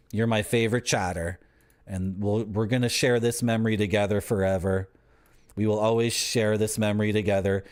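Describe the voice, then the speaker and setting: A young man, live-streaming and bantering with his chat in a joking, teasing, rambling way. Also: on the low side. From Canada.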